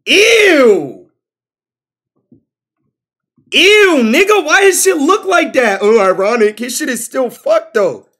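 A man's voice: extremely high pitch, slow pace, long pauses. A man streaming live, reacting to posts in loose, profane, exclaiming talk, with bro at the end of nearly every line. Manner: animated, exclaiming, profane, says bro constantly.

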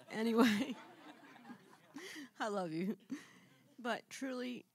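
A woman giving a heartfelt testimony at a church service, fighting back tears and speaking in quick rushes. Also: medium pitch, a little mellow. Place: church sanctuary.

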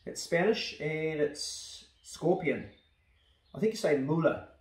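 A man with a New Zealand accent chatting casually as he opens fan mail, rough-spoken and blunt, swearing freely. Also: a little high, expressive, slow, a little mellow, roomy sound, rough recording. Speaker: YouTuber opening fan mail. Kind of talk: casual chat. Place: house truck on a rainy day.

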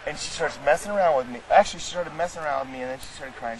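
A man telling a rambling story to friends in casual chat, halting and restarting often, recorded outdoors with a crowd behind him. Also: on the high side, poor audio.

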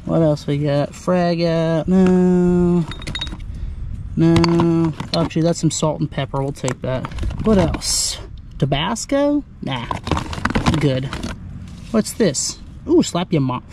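An upbeat, chatty man vlogging outdoors on the coast, thinking aloud as he cooks and tastes. His voice sits a little on the high side for a man. A faint wash of outdoor noise sits behind him. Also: animated, measured pace. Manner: upbeat, chatty, talks to himself while deciding. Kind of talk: casual narration to camera while cooking.

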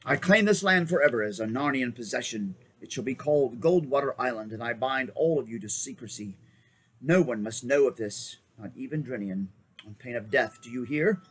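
A man reading aloud and voicing a proud young king who speaks in a measured, solemn way. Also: mid-range voice, expressive, slight background noise, natural voice.

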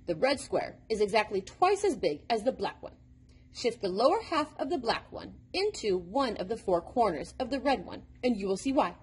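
A woman's voice: a little high, sing-song, normal speed, breathy edge, full character voice. A woman voicing an impish, impatient male number devil who lectures like a know-it-all, in a storybook reading. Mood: lecturing.

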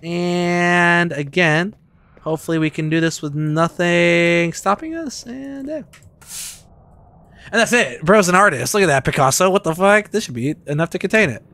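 A young man streaming a game, giving loud and excitable commentary with lots of swearing and trash talk. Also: high voice, normal speed. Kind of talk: casual gameplay commentary.

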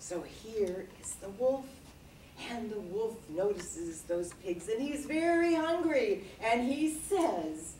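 A woman presenting a read-aloud workshop in a lively way, breaking into little songs as she teaches. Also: mid-range voice, slow. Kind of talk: teaching with sung story examples. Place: workshop room. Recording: echoey room, mic far off, noisy.

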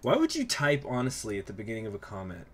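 A man's voice: fairly low pitch, wildly swooping pitch, quick pace, slight background noise. A young man streaming a strategy game live, chatting in a rambling way and reacting aloud to what happens on screen.

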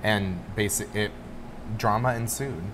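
A man co-hosting a morning talk show in casual chat, backing up his partner with quick comments. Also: lowish voice, fairly bright tone, a little hiss or hum. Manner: supportive, quick interjections and laughs.

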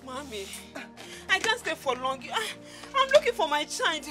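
A woman's voice: sits high, big pitch swings, normal speed, fairly bright tone, soft background music. A frantic Nigerian mother. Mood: anguished. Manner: pleading, anguished, tearful. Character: frantic young mother searching for her missing child. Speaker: mother in a film. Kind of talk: gospel film acting.

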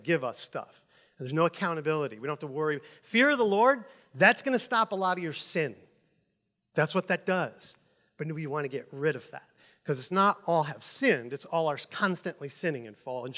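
A man preaching a sermon as pastor, emphatic and animated, swinging between loud stresses and quiet asides. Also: sits high. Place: church sanctuary. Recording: long hall reverb.

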